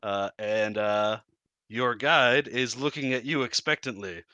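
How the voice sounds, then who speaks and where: A man's voice: mid-range voice, unhurried, pushed and bright, no echo, highs cut off. A man narrating as game master in a casual, descriptive way with many fillers.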